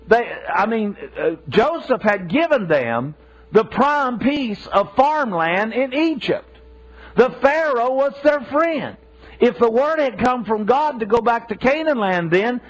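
Impassioned preacher man, animated pitch. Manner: impassioned, repeats himself for emphasis. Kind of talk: sermon. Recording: dull lo-fi sermon recording.

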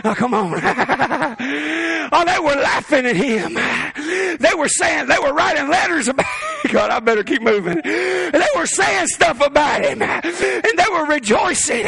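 A male preacher delivering a fervent revival sermon in a church, breaking into shouts and then chuckling through folksy asides. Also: extremely high pitch, very animated, a little slow, creaky. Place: church sanctuary.

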